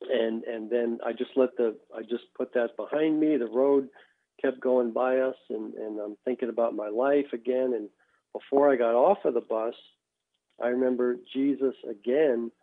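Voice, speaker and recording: A man, a former baseball pitcher, telling his faith testimony as a guest, halting and repeating words as he goes. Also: fairly even intonation. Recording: tinny phone line.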